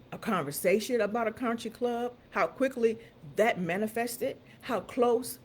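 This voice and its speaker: A woman hosting a motivational talk, guiding listeners through affirmations and repeating phrases slowly and emphatically. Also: on the high side, a little hiss or hum. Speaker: host.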